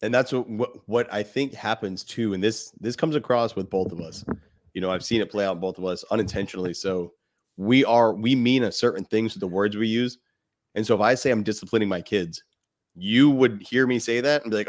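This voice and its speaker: A man's voice: on the low side, fairly quick. A man co-hosting a podcast in a casual, reflective way, using "you know" as he talks. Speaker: podcast co-host.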